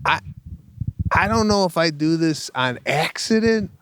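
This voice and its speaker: A man co-hosting a podcast in casual chat, speaking slowly and dryly. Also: a little high, lively intonation, a bit bright, slight background noise. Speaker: podcast co-host.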